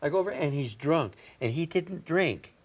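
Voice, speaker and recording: A man in his seventies from Indiana spins folksy stories in a sit-down interview. His voice sits a little higher than most men's, and he chuckles and checks in with "see?" as he talks. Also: expressive, moderate pace, breathy edge. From Indiana, USA. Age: 70s. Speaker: comedian guest. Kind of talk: anecdotal storytelling in an interview.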